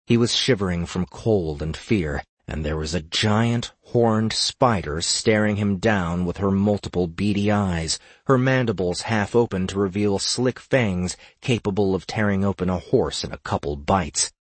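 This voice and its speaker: A man narrating a fantasy audiobook in a measured, steady storytelling manner. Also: low voice, slightly rough, no echo.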